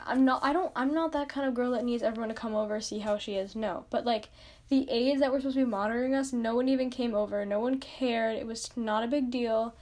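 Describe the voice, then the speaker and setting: A young woman hosting a podcast, telling a story in casual chat, self-mocking and full of "like". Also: fairly high pitch. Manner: chatty, lots of "like", self-mocking. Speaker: podcast host.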